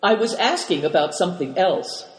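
A stern robber chief barks orders in short, impatient lines, put on by a man reading aloud. The voice sits fairly high, and a long reverb hangs behind it in a roomy space. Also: expressive, moderate pace. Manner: impatient, clipped.

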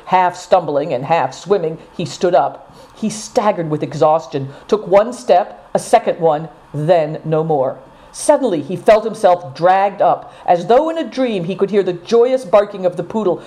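A woman reads a storybook aloud with dramatic, expressive delivery. Her voice sits low and mellow, rising and falling in wide, lively arcs. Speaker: audiobook narrator. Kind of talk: scripted storybook narration.

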